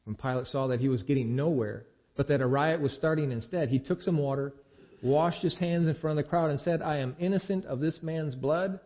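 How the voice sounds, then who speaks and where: A man giving a dramatic scripture reading, expressive, with the quoted speech acted out. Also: medium pitch, fairly quick. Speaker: scripture reader. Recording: dull lo-fi recording.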